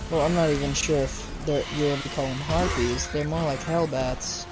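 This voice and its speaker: A man's voice: fairly high pitch, fairly even intonation, moderate pace, loud music behind the voice. A young man giving casual let's-play commentary, chatting and joking with his viewers as he plays. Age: young adult. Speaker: gaming youtuber.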